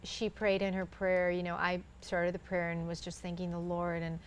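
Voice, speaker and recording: A woman's voice: fairly low pitch, monotone, normal speed, clear, resonant tone. A woman in her thirties, a guest in a conversation, telling a personal faith story earnestly and acting out what others said.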